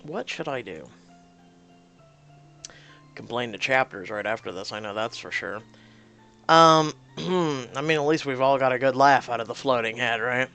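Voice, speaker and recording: Man reading a story game aloud, gravelly low voice, soft narration, dry joking asides, faint music under it. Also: unhurried, long pauses.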